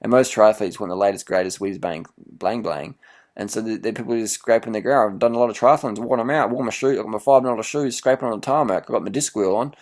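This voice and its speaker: A man's voice: on the low side, fast, darkish tone. A man, a cycling vlogger, giving mocking, profane reaction commentary on a video and laughing often.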